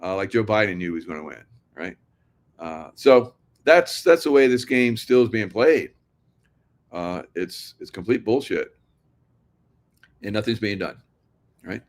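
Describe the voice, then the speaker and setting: Male host, low voice, sardonic rambling monologue with frequent chuckles. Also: expressive, unhurried, long pauses. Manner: sardonic, laughs often, rambling restarts. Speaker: political commentary host. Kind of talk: casual monologue to viewers.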